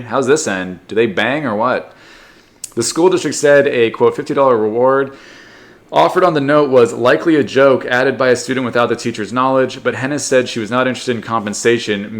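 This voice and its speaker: A male podcast host reads quirky news headlines and breaks off to mock them. His delivery is sarcastic and loose, and he jumps into quick goofy voices for the people in the stories. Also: mid-range voice. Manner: sarcastic, reads headlines then riffs with silly put-on voices. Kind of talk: comedic news commentary.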